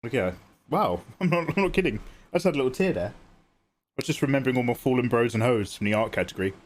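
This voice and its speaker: Man, casual live-stream chat, jokey greetings, animated voice, throat-clearing. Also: medium pitch, fast talker. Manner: chatty, greets viewers, jokey. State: frequently clearing his throat. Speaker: livestreaming artist.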